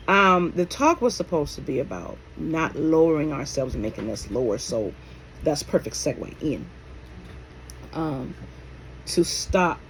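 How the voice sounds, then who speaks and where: A spiritual healer talks straight to camera with a lively, swooping delivery that rises and falls on every point. The talk is blunt and full of swearing, with rhetorical questions thrown at the listeners. Faint noise hums under the voice. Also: mid-range voice, moderate pace, poor audio. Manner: calls the audience endearments like baby and my love.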